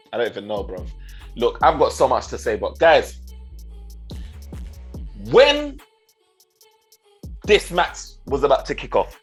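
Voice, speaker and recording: A young man hosting a casual football banter show, talking in animated slang and teasing his co-host. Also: medium pitch, breathy edge. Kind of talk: casual banter, football post-match chat.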